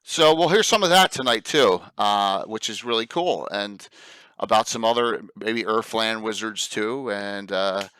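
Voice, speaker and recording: A man with a South Jersey accent hosting a casual talk show, chatty and quick to laugh, with lots of fillers and restarts. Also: on the low side, bright, forceful tone, smooth, no echo. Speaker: podcast host. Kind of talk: casual chat.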